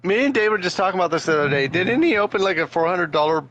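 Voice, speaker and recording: A man in casual podcast chat, telling stories in quick, animated bursts and laughing often. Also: high-pitched, dull audio.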